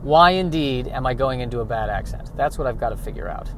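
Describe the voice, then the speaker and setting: A man's voice: medium pitch, lively intonation, fairly quick, fairly bright tone, a little hiss or hum. A man talking in a rambling comic monologue, digressive and self-mocking, often talking to himself. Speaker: vlogger.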